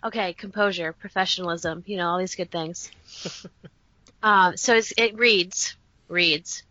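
A woman's voice: lowish voice, fairly even intonation, a little slow, pushed and bright, dry recording. A woman co-hosting a casual podcast, giggly and self-conscious. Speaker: podcast co-host. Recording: dull lo-fi sound.

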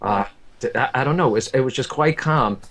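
A man's voice: medium pitch, brisk, fairly bright tone. Man, medium, earnest, emotional storytelling, repeats himself, talks to the listener. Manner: earnest, repeats words, addresses the listener directly.

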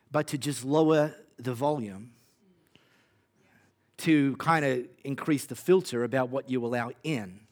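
A man with an Australian accent preaching a sermon in a conversational, punchy way with wry humor. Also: medium pitch. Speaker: pastor.

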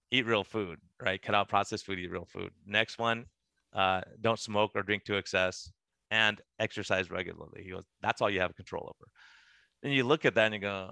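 A man's voice: on the low side, fairly even intonation, fairly quick, gravelly, bright, forceful tone, no room sound. A middle-aged man, a physician guest, telling stories in conversation and animatedly acting out the dialogue he quotes. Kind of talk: conversational storytelling.

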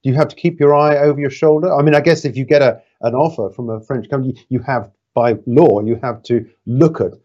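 Mellow-voiced male business interviewer. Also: mid-range voice, brisk, few pauses, muffled recording. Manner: probing, conversational, hesitant fillers.

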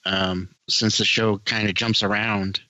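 A man with a bright, forward voice, casually chatting, halting at first and then speaking quickly. The sound is dry, dull and lo-fi. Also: fairly low pitch, level tone, no echo. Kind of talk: casual chat.

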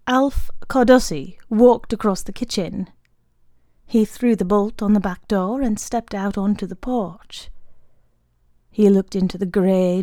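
A woman narrates a short story in a calm, measured manner. Her pace is slow and her tone mellow. The recording is dry and close. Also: mid-range voice, no echo. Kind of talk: audiobook reading of a short story.

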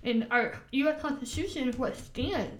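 A fairly high-voiced woman from the United States, co-hosting a casual podcast. She talks earnestly and with emphasis, and leans on "like" and "you know" as she goes. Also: normal speed, fairly bright tone, slight background noise. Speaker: podcast co-host.

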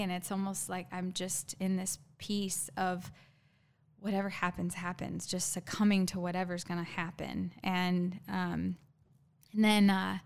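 Smooth-voiced woman recounting a painful story. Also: medium pitch. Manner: halting, earnest, many fillers and restarts. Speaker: guest sharing a personal story. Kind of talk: emotional personal storytelling.

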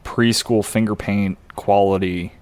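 A man co-hosting a podcast, casually recapping a TV episode in a relaxed, explanatory way. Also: on the low side, measured pace, smooth. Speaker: podcast co-host.

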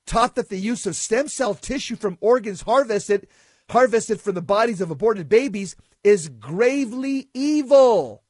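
A man reading prepared commentary on a talk show in a deliberate, indignant way. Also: high voice, no room sound, studio quality.

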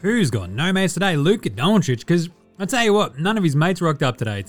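A man's voice: fairly high pitch, fairly quick, faint music behind. A young Australian man hosting a podcast, chatting about sport with lots of swearing and sarcastic jokes. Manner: swears a lot, sarcastic and animated. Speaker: podcast host. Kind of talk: casual sports chat.

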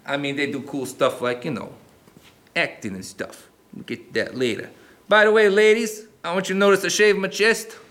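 A brash, cocky puppet showman talks out of the side of his mouth, voiced by a man. His voice sits high and his jokes come fast. A faint hiss runs under the live puppet comedy. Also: a bit bright.

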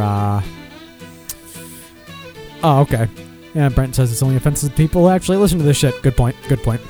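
A man's voice: mid-range voice, a little fast, long pauses, warm tone, faint music behind. A man hosting a podcast, chatting casually and reading news in a profane, rambling, self-mocking way. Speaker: podcast host.

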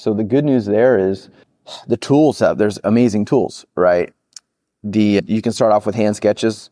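Fast-talking, low-voiced man explaining. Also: no room sound, clean studio sound. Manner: animated, acts out quoted reactions. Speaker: product management guest. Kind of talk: interview answers.

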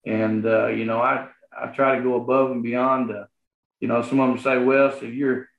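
A man's voice: medium pitch, little pitch movement, normal speed, gravelly, slight background noise. A man with a Southern accent talks earnestly in a casual interview, stopping and restarting often and leaning on lots of fillers. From Arkansas, USA. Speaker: guest, property association manager. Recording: roomy, phone-like sound.

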